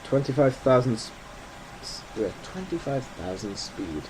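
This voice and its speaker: Male gamer, mellow, animated delivery; casual thinking-aloud commentary with frequent self-corrections. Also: mid-range voice, a little slow, slight background noise, low-quality recording. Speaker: flight simulator gamer.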